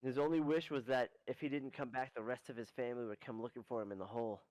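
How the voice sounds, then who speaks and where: A man narrating as game master in a rambling, animated way. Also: mid-range voice, quick pace, no room sound, poor audio. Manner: rambling, animated storytelling with restarts.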